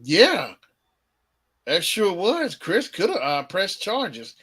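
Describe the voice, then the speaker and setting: A man's voice: high-pitched, wildly swooping pitch, takes it slowly, fairly bright tone, breathy edge. A man hosting a casual live chat show, laughing often and humming bits of songs between remarks. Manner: laughs often, hums and sings snatches of songs. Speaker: show host.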